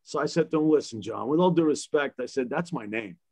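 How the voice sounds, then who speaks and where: A man's voice: medium pitch, fairly quick. A man, a guest DJ on a panel, telling stories in casual talk, laughing and acting out the lines of people he quotes. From Boston area. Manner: animated, laughing, acts out dialogue in his stories.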